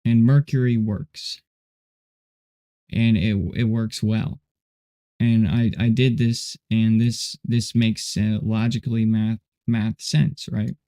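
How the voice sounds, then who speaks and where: Mellow-voiced man rambling on a livestream. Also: on the low side, little pitch movement, slow pace. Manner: rambling, laid-back, says dude and you know a lot. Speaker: livestream host. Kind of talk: casual livestream chat while coding.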